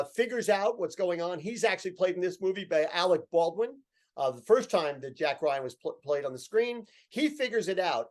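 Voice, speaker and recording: A man co-hosting a casual chat, explaining points with emphatic runs of parallel phrases. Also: a little high. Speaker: co-host.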